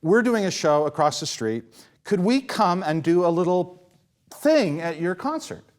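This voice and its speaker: A man, a composer and performer, telling a story to a live audience during an interview and acting out the quotes. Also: measured pace. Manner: animated, acts out quotes with big pitch swings.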